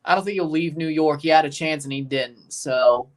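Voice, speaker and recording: A woman hosting a live hockey watchalong, giving relaxed play-by-play, answering chat questions and erupting into shouts on goals. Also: low-pitched, moderate pace. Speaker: livestream host.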